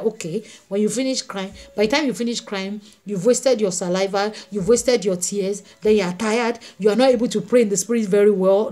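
A woman's voice: fairly high pitch, a little mellow. A woman evangelist preaching a sermon, emphatic and repeating her phrases as she addresses the congregation directly.

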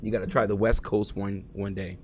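A man live-streaming a game, chatting casually and profanely with his viewers, swinging from low muttering to loud excited outbursts. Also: a little fast, slight background noise. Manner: slangy and profane, talks to chat by name. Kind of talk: casual live-stream chat while gaming.

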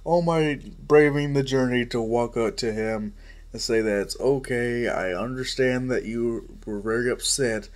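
A man's voice: mid-range voice, a little slow. A man casually narrating an improvised fan story, rambling with fillers and restarts.

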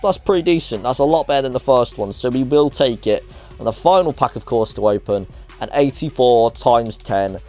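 A young man giving excitable, chatty pack-opening commentary in a game video. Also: medium pitch, moderate pace. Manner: excitable, chatty, reacts aloud to each card. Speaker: gaming YouTuber. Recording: faint music behind the voice.

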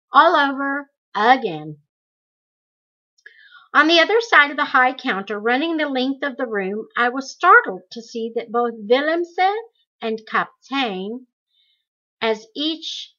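A woman reading a memoir aloud in slow, deliberate storytelling. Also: fairly high pitch, pushed and bright, dull audio. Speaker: audiobook reader.

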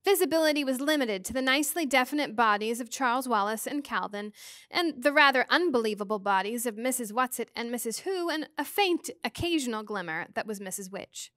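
A woman teacher reading a novel aloud to students in a clear, expressive way. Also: on the high side, brisk, dry recording, studio quality. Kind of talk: storybook read-aloud.

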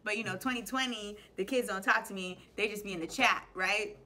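A woman's voice: medium pitch, fairly quick, bright, forceful tone. A young adult woman teacher hosting a playful web show, explaining slang in a chatty way and laughing often.

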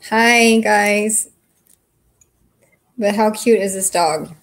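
A woman's voice: mid-range voice, fairly even intonation, very slow. A woman hosting a casual livestream from home, chatting frankly with viewers and swearing freely. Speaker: livestream host.

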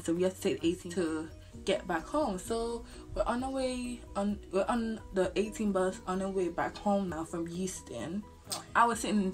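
A young woman telling a storytime vlog, full of slang and swearing. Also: medium pitch. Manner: animated, slangy, swears freely. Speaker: vlogger.

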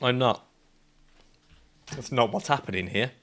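A young man streaming a climbing game, ranting and swinging between mock calm and yelling at his character. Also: mid-range voice, a little slow. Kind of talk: gaming stream commentary.

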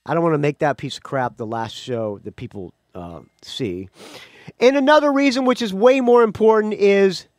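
A man's voice: high voice, animated, moderate pace, a little mellow, no room sound, studio quality. A man hosting his own music podcast, talking casually and rambling, with frequent restarts and asides. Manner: rambling, chatty, self-correcting. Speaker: podcast host. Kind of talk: casual solo podcast talk.

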